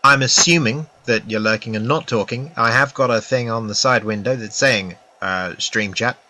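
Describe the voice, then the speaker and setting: British man, game streamer, chatty self-mocking asides, bright tense voice. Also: mid-range voice, normal speed. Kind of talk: casual live-stream commentary. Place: at home with a laptop.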